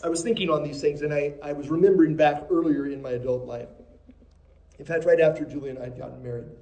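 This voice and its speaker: High-voiced, dynamic preacher in an echoey room. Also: male voice, steady tone, fast, creaky. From Minnesota, USA. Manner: dynamic, swings from quiet to raised and emphatic. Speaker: pastor. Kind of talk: sermon.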